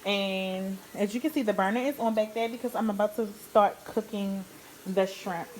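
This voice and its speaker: A woman's voice: medium pitch, steady tone, normal speed, a little mellow, slight background noise. A woman chatting her way through a casual cooking tutorial, talking straight to her viewers. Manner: chatty, talks to viewers as "guys". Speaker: home cook vlogger. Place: home kitchen.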